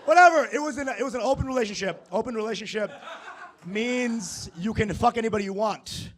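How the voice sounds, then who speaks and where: A young man performing stand-up comedy on stage, talking in a profane, animated way and tossing asides to the crowd. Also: high voice, brisk. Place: comedy stage before a live audience.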